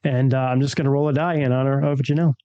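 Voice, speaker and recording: A man's voice: medium pitch, steady tone, racing, mellow, clear, resonant tone, no echo, lo-fi sound. A man chatting casually with fellow players in a rambling, easygoing way. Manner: rambling, easygoing, lots of filler words. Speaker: player and co-host. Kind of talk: casual chat among players.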